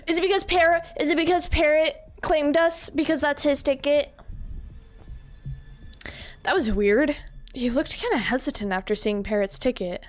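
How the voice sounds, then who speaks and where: A woman's voice: sits high, a little slow, soft background music. A young woman streaming a game, chatting playfully with her viewers and laughing often. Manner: playful, giggly, teasing the chat. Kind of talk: casual live-stream chat while playing a game.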